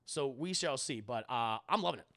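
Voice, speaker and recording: A young man recapping a show on a live stream, profane and animated, talking to his chat. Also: medium pitch, a little fast, dry recording, studio quality.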